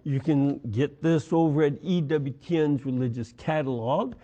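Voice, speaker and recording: A man giving an unhurried scripture study lecture as a Bible teacher, pausing often with fillers and restarts. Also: on the high side, mellow. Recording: dull lo-fi audio.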